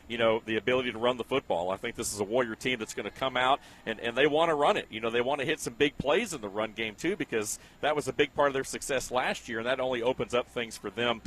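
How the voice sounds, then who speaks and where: A man calling a high school football broadcast, easygoing and rambling, laughing often. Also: fairly bright tone, slight background noise. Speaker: play-by-play announcer.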